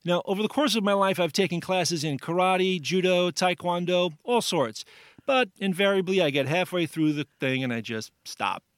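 A man's voice: high voice, animated, moderate pace, dry recording, studio quality. A man running a pun quiz on a radio talk show, setting up wordplay and laughing easily. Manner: jokey, sets up puns, laughs often.

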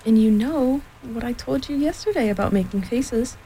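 A brisk mother kangaroo talks in a cheerful, soothing way that turns firm and no-nonsense, a storybook parent at bath time, played by a woman reading aloud. Her voice is mellow and warm-toned. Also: on the high side, slight background noise, close to an everyday voice, rough recording.

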